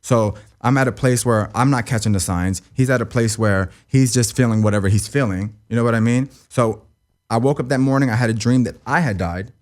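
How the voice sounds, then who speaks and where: A man's voice: medium pitch, a little fast, a little mellow. A young man telling a painful personal story as an interview guest. He rambles, repeats himself, swears and keeps asking "you know what I mean.". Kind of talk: emotional personal account in an interview.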